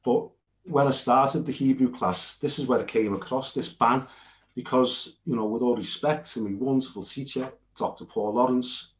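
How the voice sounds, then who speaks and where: A man's voice: mid-range voice, normal speed. Earnest rambling British man teaching. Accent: British English. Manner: earnest, rambling, frequent restarts. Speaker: Bible teacher. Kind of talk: informal lecture while sharing notes on screen. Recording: roomy and dull lo-fi.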